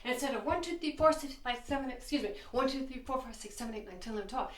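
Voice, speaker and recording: A woman's voice: sits high, animated, fast talker, hardly any pauses, noisy background. Enthusiastic woman teaching piano. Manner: enthusiastic, counts beats and sings phrases aloud. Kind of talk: teaching while playing piano. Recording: roomy, mic at a distance. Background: piano playing.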